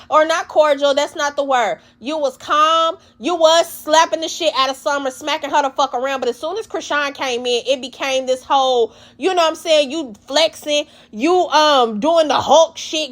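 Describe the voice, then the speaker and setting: A woman recapping a reality show in blunt, profane, animated casual talk. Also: high-pitched.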